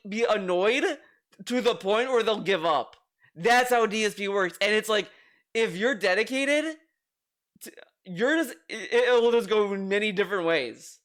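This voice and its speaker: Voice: medium pitch, a bit bright. A streamer giving exasperated, ranting commentary on a video, swearing freely. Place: home streaming room.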